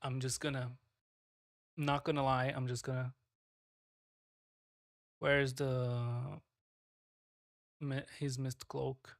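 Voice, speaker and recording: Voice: mid-range voice, level tone, slow pace, long pauses, no room sound, studio quality. A streamer talking casually on a live stream while working, frustrated, swearing a lot and muttering to themselves.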